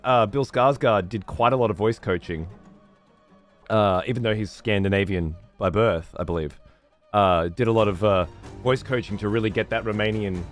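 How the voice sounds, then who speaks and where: A man streaming a game, chatting casually in a rambling, heavily profane way. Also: mid-range voice. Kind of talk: casual chat while gaming.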